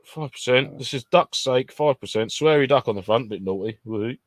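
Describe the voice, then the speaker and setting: A man's voice: medium pitch, a little fast, dry recording. A man co-hosting a casual podcast chat, bantering and laughing often. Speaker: podcast co-host.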